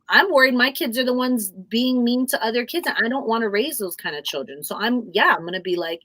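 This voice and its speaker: A woman's voice: on the high side, lively intonation, a little fast, few pauses, pushed and bright, no echo, low-quality recording. Outspoken woman on a dry live stream. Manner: frank and outspoken, swears freely. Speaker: co-host. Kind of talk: casual live-stream chat.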